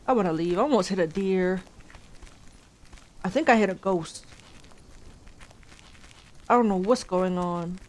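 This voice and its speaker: This gaming streamer, a young woman, has a mid-range voice with lively intonation, a slightly slow pace, long pauses, and a darkish tone. Her nervous let's-play chatter, including talking to her character, comes through a low-quality recording over game audio and vehicle engine noise from the game.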